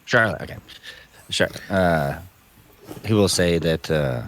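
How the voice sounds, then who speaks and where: A man playing a tabletop role-playing game, speaking in character as a calm father. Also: low voice, takes it slowly, pauses often. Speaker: player.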